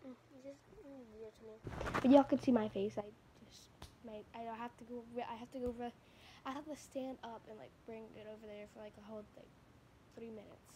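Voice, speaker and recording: Casual reaction vlogger, female, high and mellow voice, rambling and gushy, phone-camera sound with faint room noise. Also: fairly even intonation, fairly quick. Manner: rambling, chatty, gushing and emotional. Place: at home in front of a TV.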